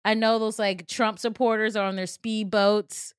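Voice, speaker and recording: A woman's voice: medium pitch, little pitch movement, moderate pace, smooth, no echo, studio quality. A woman in her thirties hosting a podcast in casual chat, giggly and playful, joking in mock slang. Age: 30s. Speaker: podcast host. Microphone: studio mic.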